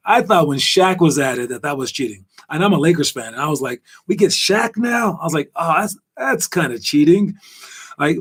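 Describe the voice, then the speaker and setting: Host, male, slightly high voice, loose rambling delivery full of fillers, casual sports chat. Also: breathy edge. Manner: rambling, animated, lots of fillers. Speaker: podcast host.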